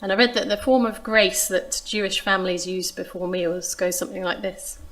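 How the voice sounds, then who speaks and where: A woman delivers a sermon in a calm, measured way, retelling a Bible passage. She reads the quoted lines with expression. Her voice sits at an ordinary middle pitch. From England. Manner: measured, expressive reading of scripture. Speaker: preacher.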